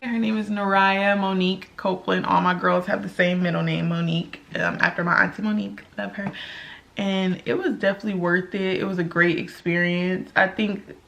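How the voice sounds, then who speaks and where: Chatty young woman, bright gravelly voice. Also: little pitch movement, brisk, highs cut off. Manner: candid, chatty, laughs often, acts out quotes in a high voice. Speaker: vlogger. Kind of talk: casual storytelling vlog.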